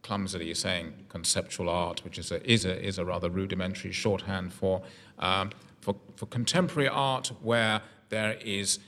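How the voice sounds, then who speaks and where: Male panel host, bright tone, wordy and articulate with many restarts, long reverb. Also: sits low, steady tone, normal speed. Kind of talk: radio arts discussion.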